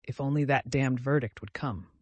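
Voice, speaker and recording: A man's voice: medium pitch, normal speed, dry recording, natural voice. A male narrator voicing a tormented, irritable young man who speaks sharply and angrily. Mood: bitter. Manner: sharp, angry outbursts.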